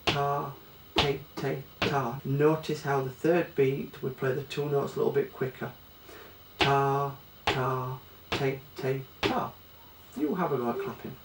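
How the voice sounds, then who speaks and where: A man with a Yorkshire accent teaches a children's ukulele lesson, patiently talking through rhythms one step at a time. His voice sits a little high for a man. He is recorded from a distance in an echoey room with a faint hum of ambience behind him. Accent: Yorkshire English. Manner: patient, explaining step by step, clapping out rhythms in sung syllables. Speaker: music teacher.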